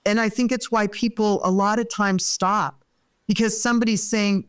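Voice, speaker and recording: A woman's voice: mid-range voice, fairly even intonation, moderate pace, smooth. A middle-aged woman therapist, a podcast guest, talking earnestly and explaining with everyday examples. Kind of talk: conversational interview.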